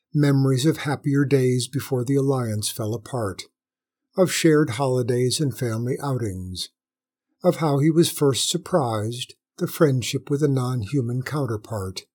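A man narrating a story in a measured, dramatic storytelling manner. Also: mid-range voice, a little mellow. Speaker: audiobook narrator.

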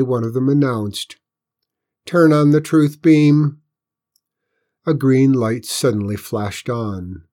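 A man reading a storybook aloud as its narrator, in a lively and expressive way. His voice is warm and mellow, with a slight huskiness to it. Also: mid-range voice, slightly rough.

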